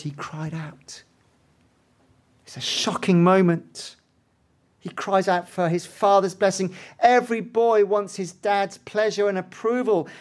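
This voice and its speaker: With a high-pitched voice, a man delivers a sermon, recounting the story with drama and alternating quiet asides with loud, forceful lines.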